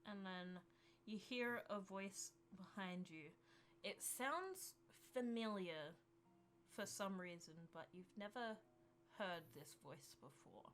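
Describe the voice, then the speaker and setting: A woman running a tabletop game as game master, narrating the scene in a measured storytelling way. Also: medium pitch, animated, a bit bright, faint music behind.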